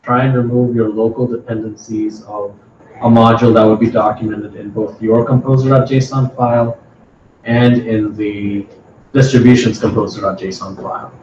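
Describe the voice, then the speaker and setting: A man's voice: on the low side, level tone, fairly quick, darkish tone. A man giving a casual technical talk at a meetup, hesitant and often repeating his words. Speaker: meetup presenter. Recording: echoey room, distant dull mic, faint noise.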